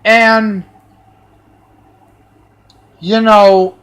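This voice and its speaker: A man's voice: high voice, level tone, a bit bright, smooth. A man ranting angrily about people who stayed in his home, swearing heavily and in a heated tone. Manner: profane, heated, drawn-out delivery. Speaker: vlogger. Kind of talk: angry personal rant.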